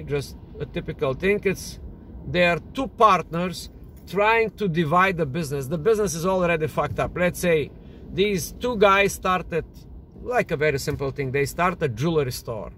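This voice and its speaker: A man's voice: a little high, fairly bright tone, a little hiss or hum. A man coaching on dating and social tactics, explaining each point with examples. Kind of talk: instructional monologue.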